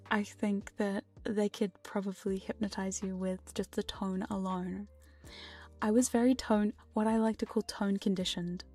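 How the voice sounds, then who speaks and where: Breathy whispering woman, ASMR streamer. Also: medium pitch, mellow. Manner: playful, giggly, frank.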